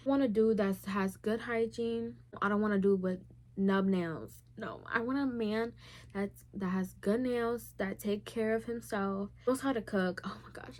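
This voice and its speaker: A woman's voice: medium pitch, darkish tone. Candid chatty young woman vlogger. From Puerto Rican heritage. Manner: candid and chatty, heavy use of "like". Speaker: YouTuber. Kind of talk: casual Q&A vlog.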